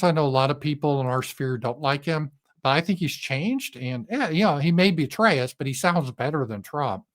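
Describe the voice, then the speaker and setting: A man holds forth on politics in a casual monologue, blunt and sarcastic with frequent profanity. His voice sits a bit high for a man. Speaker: political commentator.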